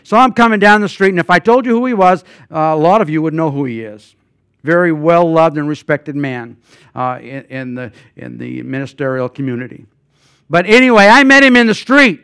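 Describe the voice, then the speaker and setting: An older man preaching a sermon as guest pastor, telling personal stories with many fillers and restarts, swinging between loud emphatic passages and quiet asides. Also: a little high, animated, moderate pace, smooth, no echo, clean studio sound.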